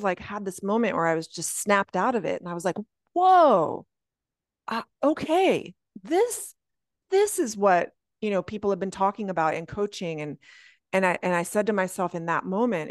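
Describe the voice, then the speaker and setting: A woman guest coach talking earnestly on a podcast, often jumping into a high voice when she quotes her own thoughts. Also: no echo, clean studio sound. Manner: earnest, animated, often slipping into high quoted self-talk. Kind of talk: reflective podcast conversation.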